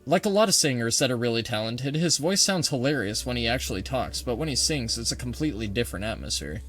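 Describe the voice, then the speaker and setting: A man's voice: mid-range voice, lively intonation, fast, a bit bright, faint music behind. Joking, foul-mouthed man narrating a game. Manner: joking, profane, reads in-game text aloud. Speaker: gaming video creator. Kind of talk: let's play commentary.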